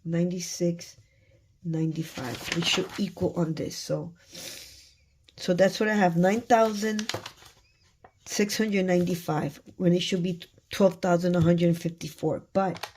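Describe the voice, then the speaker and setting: A woman counting cash aloud for her budgeting vlog, murmuring numbers and thinking out loud. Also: fairly low pitch, fairly even intonation, measured pace, slight background noise. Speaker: budgeting vlogger.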